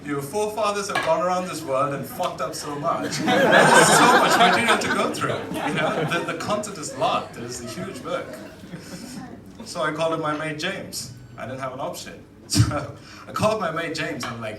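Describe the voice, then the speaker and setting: Brief: male stand-up comic, chatty and cheeky, animated delivery, roomy distant live sound with a roaring crowd. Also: a little high, normal speed, noisy background. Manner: chatty, cheeky, laughs at his own jokes. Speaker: stand-up comedian. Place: comedy venue stage. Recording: echoey live room from a distance, loud crowd. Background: loud audience laughter and cheers.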